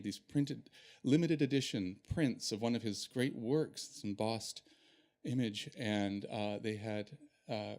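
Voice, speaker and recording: A man telling a personal story on stage in an animated, self-deprecating way. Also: lowish voice.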